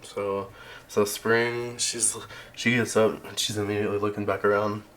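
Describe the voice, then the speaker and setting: A man narrating as game master in a casual, halting way with frequent restarts. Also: lowish voice, flat delivery, fairly bright tone, slight background noise.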